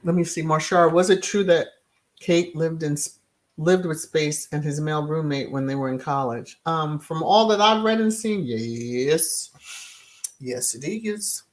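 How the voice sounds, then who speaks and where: A woman's voice: low voice, a little slow. A woman hosting casual live-stream commentary, answering chat in a sassy manner with chuckles and many hums and mm-hmms. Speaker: host of a royal commentary channel.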